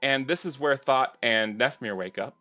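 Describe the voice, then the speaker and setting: A man narrating a tabletop game as game master, measured and halting with fillers. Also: medium pitch, sharp tone, soft background music.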